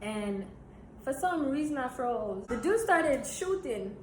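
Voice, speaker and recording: Young woman telling a wild story, high voice, swears a lot, echoey room. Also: slow. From Jamaica. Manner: animated, blunt, swearing storyteller. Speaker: vlogger. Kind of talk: storytime vlog. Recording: roomy echo, faint hiss.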